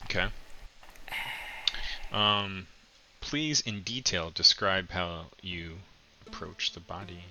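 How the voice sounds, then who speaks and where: A man narrating as game master for an online tabletop game, halting and filler-heavy, pressing his players for detail. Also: low voice, bright, forceful tone.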